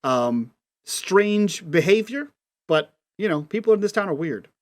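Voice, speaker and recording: Man, game master, tabletop game narration, relaxed, filler words, slightly high voice. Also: measured pace. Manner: relaxed, lots of ums and likes.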